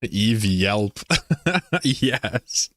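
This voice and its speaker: A male game streamer with a fairly low voice, chatting loosely with his viewers. He jokes, rambles and swears casually. His close streaming mic sounds completely dry, with no room sound. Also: animated, very slow, fairly bright tone, dry recording. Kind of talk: casual live-stream chat.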